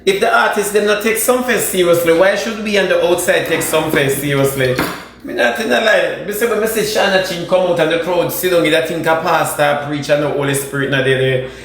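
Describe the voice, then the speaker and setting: Sassy high-voiced Jamaican man, echoey room. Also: brisk, creaky, a bit bright. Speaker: social media commentator. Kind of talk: gossipy reaction commentary. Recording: very echoey room with faint noise.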